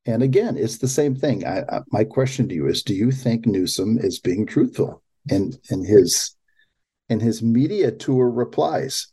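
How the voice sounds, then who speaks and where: A man's voice: on the low side, lively intonation, warm tone, breathy edge. A man hosting a political commentary show, talking in an incredulous way and often restarting his sentences. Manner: incredulous, halting with repeated restarts. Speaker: podcast host.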